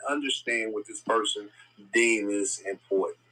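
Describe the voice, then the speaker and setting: Low-voiced, bright-toned man co-host. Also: normal speed, poor audio. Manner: thoughtful, repeats words while searching for them. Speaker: podcast co-host. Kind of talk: casual conversation.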